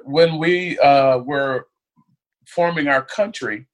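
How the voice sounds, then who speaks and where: A man's voice: a little high, slow pace. A man with an American accent chatting casually and telling stories, often repeating words as he restarts. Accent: American English. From United States. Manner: rambling, repeats words, storytelling. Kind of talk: casual chat.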